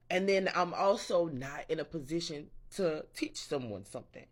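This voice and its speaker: Guy ranting on his vlog, kinda high voice, swears a lot, keeps cutting himself off mid thought. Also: expressive, a little fast, few pauses. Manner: rambling, profane, self-interrupting; quotes imagined people in a raised voice. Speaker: vlogger. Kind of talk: casual morning rant.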